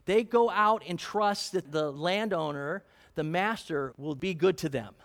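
A man's voice: high voice, measured pace, fairly bright tone. A man preaching a sermon in a conversational way, often asking his congregation questions. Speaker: pastor.

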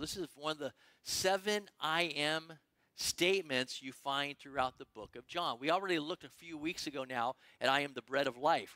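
Male pastor, conversational sermon delivery, slightly high and bright, emphatic with restarts. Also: no room sound. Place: church sanctuary.

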